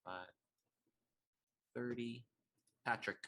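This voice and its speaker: A man's voice: medium pitch, steady tone, extremely slow, bright, forceful tone. A man running a tabletop game as game master, describing scenes with many fillers.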